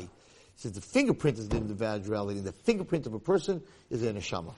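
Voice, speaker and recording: A man's voice: fairly low pitch, big pitch swings, fast, a little mellow, a little hiss or hum. A man teaching a religious lecture, telling a moral story and repeating key points for emphasis. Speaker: Torah teacher.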